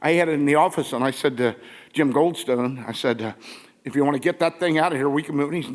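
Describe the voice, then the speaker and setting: A man's voice: a little high, quick pace. An older man speaking at a conference, telling stories casually to a live audience in a theater, laughing and acting out the lines he quotes. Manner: animated, laughing, acts out quotes. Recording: long reverb from a big hall.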